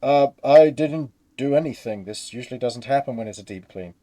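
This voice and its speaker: A man voicing a flustered male cleaner who talks loudly and defensively, sounding panicked. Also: mid-range voice, expressive, fairly quick, natural voice.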